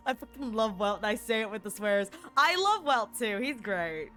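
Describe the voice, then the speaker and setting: A woman's voice: fairly high pitch, expressive, moderate pace, hardly any pauses, a bit bright, faint music behind. A woman streamer chatting casually as she plays, rambling and giggling with plenty of fillers. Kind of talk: casual chat while gaming.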